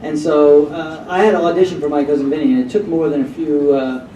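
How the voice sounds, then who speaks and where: A man telling anecdotes to an audience in an animated, rambling way, recorded in an echoey hall from far off. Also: fairly high pitch, a little fast, slight background noise. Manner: animated, rambling, with many fillers. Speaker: actor telling anecdotes on a panel. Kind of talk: casual storytelling to an audience.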